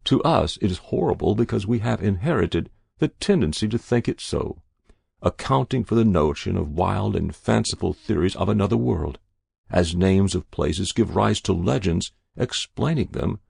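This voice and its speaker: A man voicing a captured spy who reasons calmly about death in an audiobook reading. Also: on the low side, creaky, husky, no echo, studio quality, heavily acted. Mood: calm, reasoning. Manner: measured, reasoning, then pleading. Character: calm, philosophical male captured spy.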